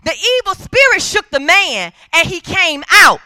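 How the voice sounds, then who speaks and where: A woman preacher delivers a fervent church sermon, pressing her points home with repeated calls for the congregation to answer her. Her voice sits very high and rings bright and forceful, and it is recorded dry and close. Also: sing-song, unhurried, dry recording. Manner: emphatic call-and-response preaching.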